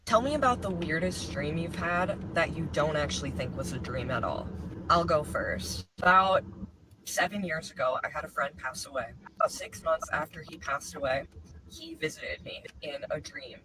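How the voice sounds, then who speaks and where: A man earnestly telling a personal story to camera, animated and sincere. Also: on the high side, normal speed. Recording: distant mic with noise.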